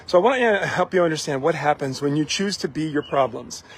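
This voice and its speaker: A man's voice: on the high side, animated, a little fast, breathy edge. A man giving a motivational talk, driving points home with repeated rhetorical questions and the odd chuckle. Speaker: motivational speaker.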